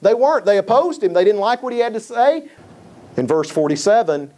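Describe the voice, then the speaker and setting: Emphatic preacher man with a mellow voice. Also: sits high, very animated, brisk, slight background noise. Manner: emphatic, repeats key phrases, quotes scripture. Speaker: pastor. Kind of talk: sermon.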